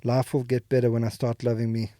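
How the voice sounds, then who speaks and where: A man's voice: mid-range voice, level tone, fast, dark tone, no echo, studio quality. A man talking candidly as a podcast guest, rambling with many fillers and restarts. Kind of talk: candid emotional conversation. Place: podcast studio.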